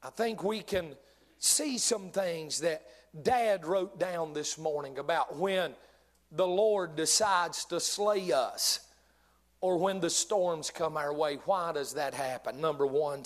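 A middle-aged man preaching a sermon, swinging between loud bursts and hushed, drawn-out words. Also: a little high. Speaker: pastor.

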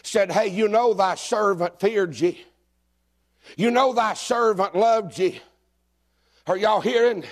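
A pastor in middle age preaching with a high, ringing voice. He swings between shouted, climbing calls and quiet, confessional asides to his church. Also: slow, pauses often. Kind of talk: sermon.

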